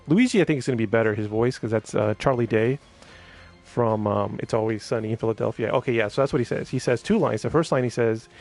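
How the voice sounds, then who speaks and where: A man talks loosely through a live stream in a gravelly, mid-pitched voice, stumbling over restarts and fillers as he goes. Faint music plays under his chatter. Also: darkish tone. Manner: rambling, laughs often, many fillers and restarts. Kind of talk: casual live-stream chat.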